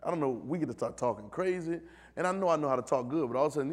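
A man delivers a sermon, trading lines with his congregation. His voice sits high for a man, and he swings from low, close asides to loud shouted calls. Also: animated, racing. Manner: call-and-response preaching, builds to shouts. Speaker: preacher.

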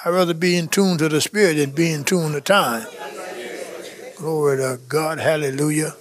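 A man's voice: on the high side, steady tone, moderate pace. A man preaching a charismatic sermon, fervent and exhorting, repeating phrases and breaking into tongues and chuckles.

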